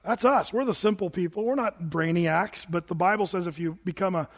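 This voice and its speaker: High-voiced man preaching in a reverberant hall. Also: brisk. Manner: animated, emphatic preaching with quoted asides. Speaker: pastor. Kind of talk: sermon.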